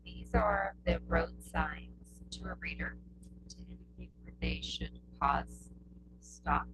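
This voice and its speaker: This low-voiced woman explains punctuation in a classroom test prep lesson, with background noise behind her. Her delivery is slow and patient, full of repetition and frequent "okay?" check-ins.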